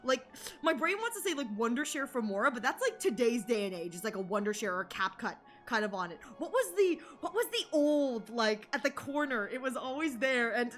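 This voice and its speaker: Bright, high-voiced young woman streamer. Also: brisk. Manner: animated, rambling, many fillers and restarts; excited shouted greetings to chat. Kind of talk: casual live-stream chat.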